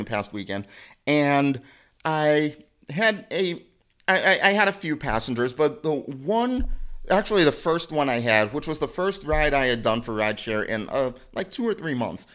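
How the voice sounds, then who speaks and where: A man's voice: mid-range voice, fairly bright tone. A man co-hosting a podcast, rambling through a story with restarts and frequent laughter. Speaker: podcast co-host. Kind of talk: casual chat, storytelling.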